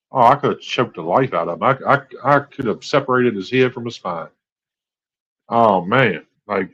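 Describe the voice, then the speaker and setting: A man's voice: lowish voice, a bit bright, lo-fi sound. A man in his forties hosting a late-night live stream, telling a personal story in a candid, rambling way that turns exasperated. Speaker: host.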